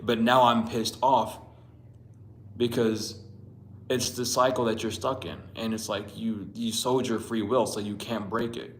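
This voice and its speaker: A man's voice: fairly low pitch, steady tone, normal speed, a little hiss or hum. A man giving a casual spiritual tarot reading, talking bluntly, swearing often and rambling. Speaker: tarot reader. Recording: roomy echo.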